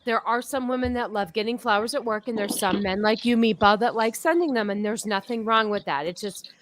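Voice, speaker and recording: A woman's voice: a little high, brisk, noisy background. A woman hosting a casual podcast chat, talking bluntly and swearing casually. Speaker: podcast host.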